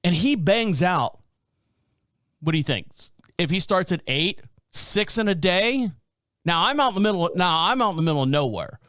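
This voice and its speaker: A man in his fifties hosts a casual podcast, telling stories in a high voice that swings up and down. He laughs and curses along the way. The sound is close and dry. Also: normal speed, no room sound. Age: 50s. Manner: animated, swears, laughs often. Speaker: podcast host. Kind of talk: casual storytelling chat.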